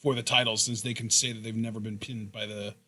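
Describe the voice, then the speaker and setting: A man's voice: on the low side, little pitch movement, quick pace, sharp tone. Chatty young man hosting a podcast. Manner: chatty, asks long rambling questions. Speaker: podcast host. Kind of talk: casual chat.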